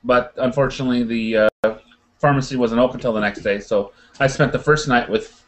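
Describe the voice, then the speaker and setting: A man on a casual podcast, excitedly telling a story and acting out the quotes with plenty of laughter. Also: mid-range voice, fairly quick. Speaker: podcast guest.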